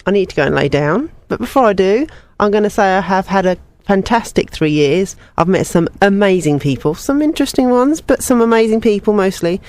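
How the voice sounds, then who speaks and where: A woman's voice: mid-range voice, lively intonation, a little fast, hardly any pauses, darkish tone. A young woman presenting a student radio music show, chatty and personal between songs.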